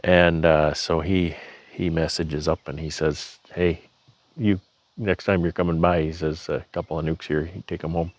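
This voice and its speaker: Deep-voiced earnest man in a dry room. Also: little pitch movement, normal speed, no echo. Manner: rambling, earnest, frequent fillers and restarts. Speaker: beekeeper vlogger. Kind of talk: casual talk to camera. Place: honey house.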